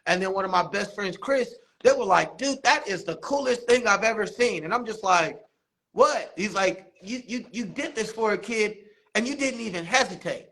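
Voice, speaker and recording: A man, a barber and basketball coach, telling animated stories in a casual interview, acting out quotes. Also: sits high, normal speed. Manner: animated storytelling, laughs often, acts out quotes.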